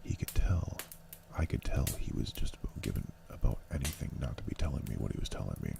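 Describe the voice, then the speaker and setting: A man reads a novel aloud in a slow, low ASMR style, his voice extremely deep and full of vocal fry. Keyboard clicks come through clearly behind him. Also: very animated, recorded from a distance, very noisy. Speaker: ASMR channel reader. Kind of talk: ASMR audiobook reading.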